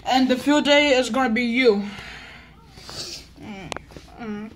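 A woman acting out a classroom with toys, talking haltingly and repeating herself. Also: fairly high pitch, a little hiss or hum. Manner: halting, repeats words and restarts often. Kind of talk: toy role-play as a teacher.

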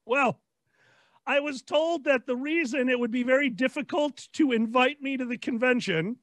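A tipsy man with a Chicago accent hosting a comedy panel, telling rambling, excitable stories. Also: very high voice, moderate pace, dry recording. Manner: rambling, excitable, does voices in anecdotes. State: tipsy from drinking. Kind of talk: drunk comedic storytelling. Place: convention panel stream.

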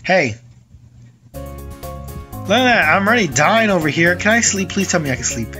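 A man's voice: high-pitched, lively intonation, normal speed, sharp tone. Young man rambling over game music. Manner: rambling, swears when frustrated. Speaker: gaming channel host. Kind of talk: casual gameplay commentary.

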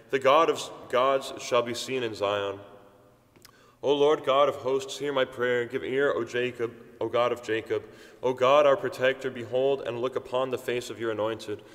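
A man reciting psalms at a steady pace during a church service, then chanting the refrains. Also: medium pitch. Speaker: church reader. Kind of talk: liturgical psalm reading and chanting. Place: large church. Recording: long church reverb.

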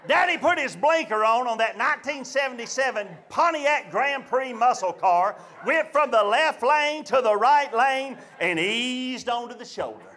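A stand-up comedian with a very high voice tells a story to a live audience at a comedy venue, acting out his family's voices in an animated way. He talks at a normal speed and barely pauses.

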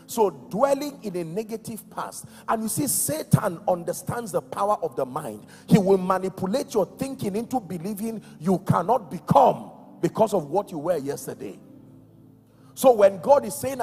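A Nigerian man preaching a sermon with emphasis, going from shouted calls to quiet, low words and asking the congregation questions. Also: expressive, normal speed. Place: large church hall. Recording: echoey church hall with soft music.

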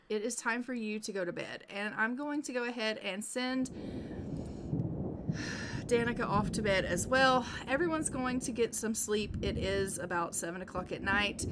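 A woman's voice: mid-range voice, fairly bright tone. Woman, casual let's-play narrator, chatty and talks to the characters, faint background noise. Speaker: gameplay narrator.

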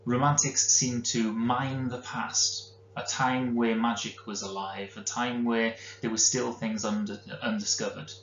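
A man's voice: medium pitch, little pitch movement, a little slow, hardly any pauses, fairly bright tone. A man with a Welsh accent teaching a recorded literature lesson, explaining in a conversational way with the odd filler. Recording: roomy, dull lo-fi recording with faint hum.

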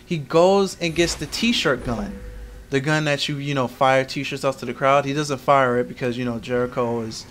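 A man's voice: mid-range voice, normal speed, fairly bright tone, slight background noise. A man hosting a casual podcast, ranting in exasperation and restarting his sentences often. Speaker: podcast host. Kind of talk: casual wrestling recap podcast.

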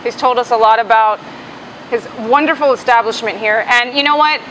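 A woman's voice: on the high side, fairly quick, a bit bright, slight background noise, low-quality recording. A woman co-hosting a beer show, chatty and enthusiastic, rambling a little as she talks. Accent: American. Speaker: co-host. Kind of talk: casual chat on a beer show. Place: brewery.

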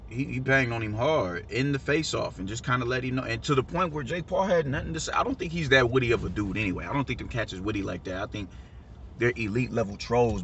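A man in a casual, unscripted rant, talking emphatically, repeating himself and swearing freely. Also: medium pitch. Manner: emphatic, repetitive, profane, says "you dig" a lot. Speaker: reaction vlogger. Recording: lo-fi audio with loud traffic noise.

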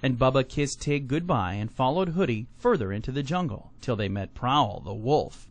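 A man narrating a fairy tale in an expressive, animated storybook reading. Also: mid-range voice, moderate pace, few pauses, no room sound.

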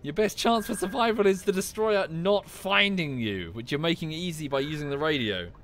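A man's voice: on the high side, animated, normal speed, fairly bright tone, a little hiss or hum. A man from the UK chatting casually while streaming a game, with dry muttered asides. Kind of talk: casual gameplay commentary.

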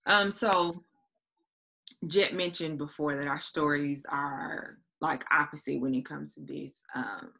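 A woman in her thirties with a low, forceful voice. She talks in an easy, chatty way, full of fillers and little acted-out quotes of her own thoughts. She sounds relaxed and conversational, like she is talking with a friend. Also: a little slow, gravelly. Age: 30s. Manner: chatty, many fillers and quoted self-talk. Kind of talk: casual chat.

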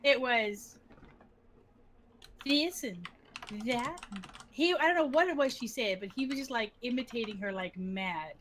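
Woman gamer on voice chat, high-pitched and animated, giggly storyteller. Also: measured pace, long pauses, slight background noise. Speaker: game player and storyteller. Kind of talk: casual voice-chat banter while gaming.

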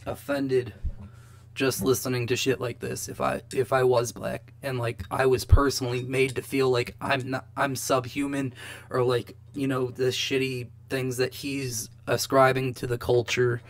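A young man talking slowly through a rambling, exasperated reaction to a debate clip. His voice has a gravelly fry to it, and he swears freely as he picks apart what he has just heard. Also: mid-range voice, level tone. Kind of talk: casual commentary.

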